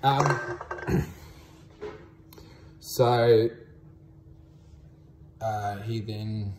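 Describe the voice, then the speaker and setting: A man's voice: fairly low pitch, fairly even intonation, drawn-out words, echoey room, noisy background. A man with an Australian accent casually recounting a story to the camera, laid-back and drawling, with frequent ums. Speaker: vlogger.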